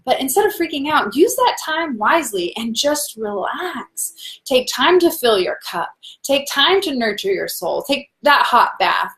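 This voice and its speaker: A woman hosting a live tarot reading, talking warmly and encouragingly to her viewers, laughing often and reading out their comments. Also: high voice, sing-song, unhurried. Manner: warm, encouraging, talks to viewers as "guys".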